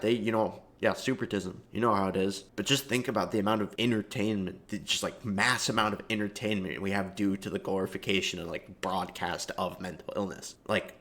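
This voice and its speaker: A man with a fairly low voice talks through a loose, comedic monologue. He swears freely and leans on casual fillers, wandering from point to point in an offhand way. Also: sharp tone. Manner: rambling and profane, heavy fillers. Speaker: video commentator.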